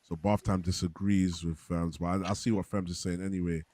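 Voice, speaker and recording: A man's voice: sits low, a little fast, no echo. A man hosting a casual football fan show, reading out viewer comments and giving his views. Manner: relaxed, reads viewer comments aloud. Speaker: football podcast host.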